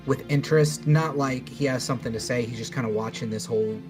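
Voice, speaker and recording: A man's voice: medium pitch, fast talker, music in the background. A man running a tabletop game as dungeon master, casual and laughing as he narrates, with some swearing.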